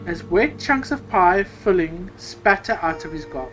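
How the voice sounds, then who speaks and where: Woman streamer, reads a game aloud slowly with amused asides, game music underneath. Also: on the low side, lively intonation. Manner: playful, reacts to the text with amused asides. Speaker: gameplay streamer. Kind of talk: reading game dialogue aloud while playing.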